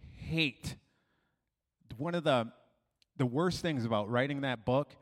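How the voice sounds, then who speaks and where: Energetic man speaking at a school assembly. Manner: energetic and loud, hyping up the crowd, then lowering to earnest. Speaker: motivational speaker and author.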